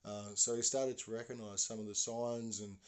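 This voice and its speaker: A man's voice: fairly low pitch, steady tone, normal speed. A man hosting a podcast, telling a story in a loose, rambling way with fillers and sound words. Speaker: podcast host. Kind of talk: casual spoken storytelling.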